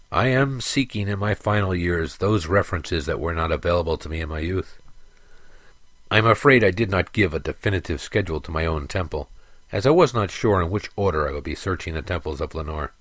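A man's voice: sits low, a little fast, no echo, lightly acted. A man voicing a slightly senile old male monk, speaking hesitantly and forgetfully. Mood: doddering.

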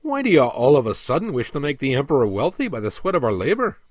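A man voicing a young male dwarf miner who questions his prince in a much higher voice, in a dry recording. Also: wildly swooping pitch, fast, no room sound. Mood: questioning.

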